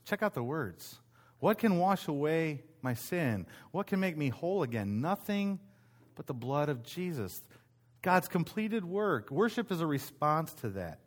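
A man pastor giving a casual, conversational sermon, telling stories with frequent restarts in a church meeting room. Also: a little high. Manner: conversational storytelling, self-interrupting restarts.

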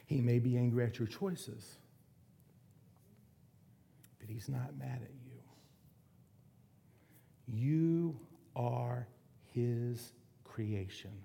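Gravelly, mellow-voiced male preacher. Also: medium pitch. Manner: earnest, slows and softens for emphasis. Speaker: pastor. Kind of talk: sermon.

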